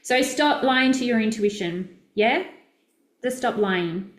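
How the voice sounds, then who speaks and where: A woman's voice: a little high, lively intonation, slow pace. Upbeat aussie lady coaching live, direct and chatty, bit of room echo. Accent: Australian. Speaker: business coach. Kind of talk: casual live-stream teaching.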